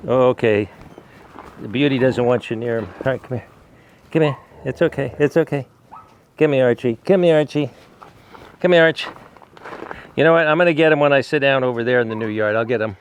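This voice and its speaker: A man's voice: mid-range voice, moderate pace, long pauses, slight background noise. A man who rescues animals, talking casually to the camera and coaxing his dogs outdoors with repeated calls. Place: outdoor dog yard.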